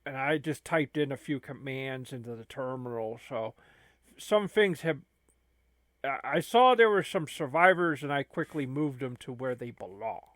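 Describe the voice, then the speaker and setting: A man's voice: medium pitch, lively intonation, moderate pace, a bit bright, dry recording. Rambling, stammering man. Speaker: channel host. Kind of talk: improvised comedy skit.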